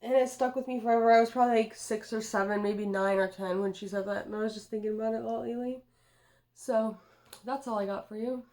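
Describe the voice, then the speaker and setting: A woman's voice: on the high side, fairly even intonation, quick pace, a little mellow. A woman in her twenties who reads tarot, talking in a loose, rambling way with lots of swearing and "dude.". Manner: rambling and profane, says "dude" a lot. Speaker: tarot card reader. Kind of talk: casual rambling tarot vlog.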